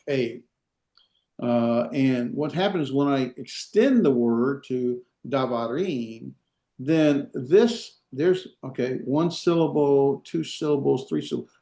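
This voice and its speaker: A man teaching a classroom lesson, halting with fillers and restarts, with dry asides. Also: mid-range voice, mellow. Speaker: Hebrew teacher. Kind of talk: classroom lecture. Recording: echoey classroom.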